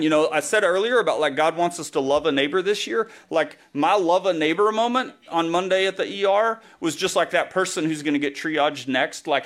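A man's voice: on the high side, lively intonation, moderate pace, fairly bright tone. Man preaching with a humorous, chatty storytelling style. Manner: humorous, self-deprecating storytelling; casual, filler-heavy delivery. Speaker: pastor. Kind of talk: conversational sermon.

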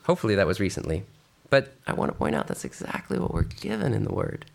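A man's voice: lowish voice, fast, creaky. A man preaching a sermon who reads scripture aloud and then urges his listeners on. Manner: expressive, reading scripture then exhorting the congregation.

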